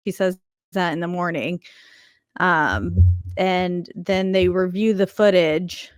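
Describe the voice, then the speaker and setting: A woman's voice: on the low side, slow pace, no room sound, studio quality. A woman co-hosting a podcast over a laptop video call, casually recapping a horror movie and swearing for emphasis. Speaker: podcast co-host.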